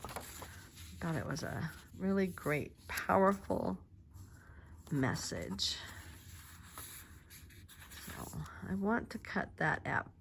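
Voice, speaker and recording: A woman's voice: fairly low pitch, expressive, slow, vocal fry, pauses often, a little hiss or hum. An older woman chatting in a meandering way while she crafts at home, with lots of fillers and restarts. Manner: soft-spoken, drops to murmurs while working. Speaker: crafting vlogger. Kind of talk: casual chat while crafting. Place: quiet home craft space.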